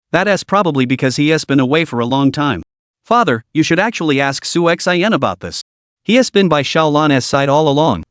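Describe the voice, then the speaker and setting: A man voicing a calm, thoughtful young man answering his father in a considered way, with a lively voice. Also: on the high side, no echo, clean studio sound, lightly acted.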